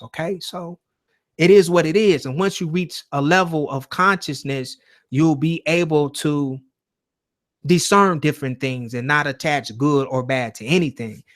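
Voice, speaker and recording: A man hosting a live call-in show from home, talking in a casual, rambling and profane way. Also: a little high. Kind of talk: casual livestream talk.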